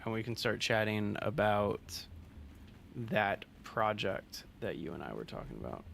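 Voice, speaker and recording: A man's voice: fairly low pitch, very animated, unhurried, vocal fry, fairly bright tone, slight background noise. A young adult man from Southern California chatting casually with viewers while playing a game, rambling with lots of fillers and restarts. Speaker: streamer. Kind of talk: casual gameplay chat with live viewers.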